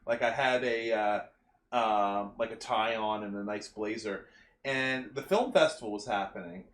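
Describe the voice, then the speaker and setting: Animated, rambling man in an echoey room. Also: on the low side, unhurried. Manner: animated storyteller, rambling with fillers. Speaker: podcast co-host. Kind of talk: casual podcast chat. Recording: roomy echoey mic.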